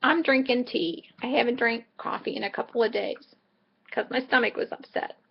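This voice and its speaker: A woman's voice: fairly high pitch, moderate pace, creaky, highs cut off, a little hiss or hum. A middle-aged woman vlogging in a casual, rambling way, telling a chatty story full of asides. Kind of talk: casual chat.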